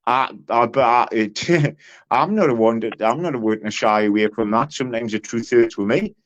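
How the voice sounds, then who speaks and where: A man's voice: medium pitch, normal speed. A man talking bluntly on a livestream panel, swearing and restarting his sentences. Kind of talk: heated livestream argument. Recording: muffled lo-fi stream audio.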